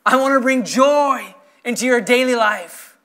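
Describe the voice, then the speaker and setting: A male pastor preaching a sermon with impassioned, emphatic delivery, stretching out key phrases slowly. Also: very high voice, bright, forceful tone. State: emotional.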